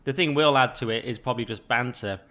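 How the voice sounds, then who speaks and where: A man hosting a podcast, talking casually and rambling a little with quick asides and restarts. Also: medium pitch, fairly bright tone. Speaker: podcast host.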